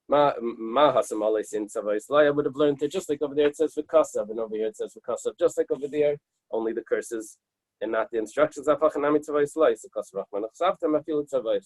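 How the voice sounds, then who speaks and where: A man leading a Talmud study class, reading Aramaic passages and explaining them in English with halting restarts. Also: mid-range voice, a little mellow, no room sound, low-quality recording.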